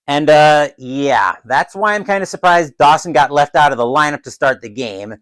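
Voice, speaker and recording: A man calling a tabletop dice baseball game as a solo play-by-play announcer, who gets loud and excited on big plays. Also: on the high side, normal speed, low-quality recording. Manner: adds his own crowd cheers.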